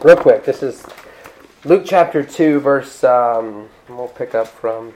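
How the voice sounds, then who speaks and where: A male pastor preaching a sermon in a conversational, animated way, breaking off into asides and restarting his sentences. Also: mid-range voice, slow pace, poor audio. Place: church.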